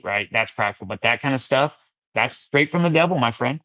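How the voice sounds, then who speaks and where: Male faith-chat host, mid-pitched, loose rambling delivery, dull lo-fi sound. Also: fairly even intonation, fairly quick, pushed and bright. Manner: rambling, casual, calls listeners "my friend" and "brother". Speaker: Christian livestream host. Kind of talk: casual live chat answering comments.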